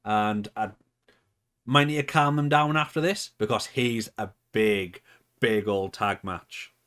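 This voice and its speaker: A man with a low voice talks through his wrestling management game. He is chatty and playful, pausing to think aloud about his choices and laughing at himself. The delivery is unscripted let's-play commentary. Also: fairly bright tone. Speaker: gaming channel host.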